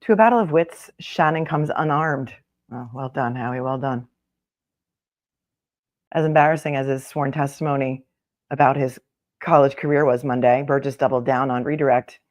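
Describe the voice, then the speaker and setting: A woman's voice: very deep voice, normal speed, darkish tone. A middle-aged woman attorney hosting a live-stream, reading a newspaper column aloud and breaking off for wry, chatty asides. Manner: wry, with chatty asides between read passages.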